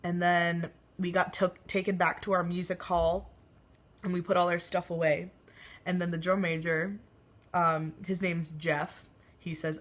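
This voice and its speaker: Low-voiced young woman rambling in a vlog. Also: flat delivery, unhurried. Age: young adult. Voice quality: rambling with many ums and likes. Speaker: vlogger and college marching band member. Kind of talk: casual personal video diary.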